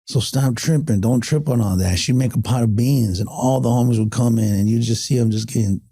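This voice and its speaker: A man's voice: medium pitch, fairly quick, mellow, slightly rough. A middle-aged man. He is a podcast guest telling reflective stories in an earnest, heartfelt way, often stopping and restarting. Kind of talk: reflective storytelling in casual conversation.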